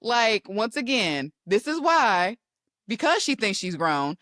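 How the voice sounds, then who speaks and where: Lively animated woman host. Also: mid-range voice, slow pace, dry recording, studio quality. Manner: animated, playful teasing, acts out scenes in voices. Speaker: podcast host. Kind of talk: casual chat.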